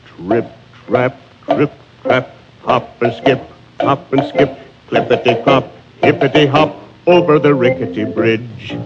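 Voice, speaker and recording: A man tells a children's story in a lively, bouncing singsong voice pitched a little high. He leans into rhythmic, playful chanting. The recording is muffled and lo-fi, with music playing clearly behind him. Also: a little hiss or hum. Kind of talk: children's story read-aloud.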